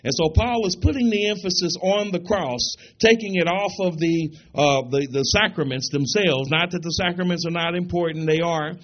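A man with a fairly high voice preaching a sermon in a church. He is emphatic, fires rhetorical questions at the congregation and slows down when reading scripture aloud. The recording sounds dull and lo-fi.

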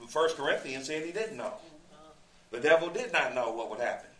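Expressive and brisk, a man with a voice on the high side teaches a sermon verse by verse. He's conversational, quotes scripture, and asks rhetorical questions; the recording is distant and echoey.

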